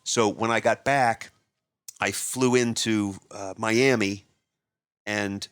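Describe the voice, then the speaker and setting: A man's voice: on the low side, takes it slowly, smooth, no echo. A man from Northeast Ohio, a guest magician, telling stories in a podcast interview, restarting and repeating words as he goes. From Northeast Ohio, USA. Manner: animated anecdote-teller, repeats and restarts words.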